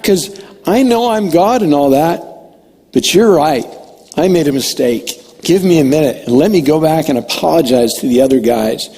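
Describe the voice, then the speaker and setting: A man's voice: a little high, expressive, normal speed, mellow, husky, long reverb tail. A man voicing a male teacher in a sarcastic, overly apologetic tone.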